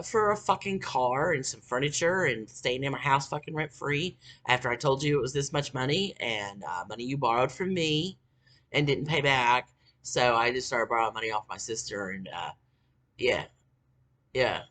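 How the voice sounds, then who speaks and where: A vlogger in their forties, talking in a casual monologue, ranting bitterly with lots of swearing and filler words, dropping to low mutters and rising to shouts. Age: 40s.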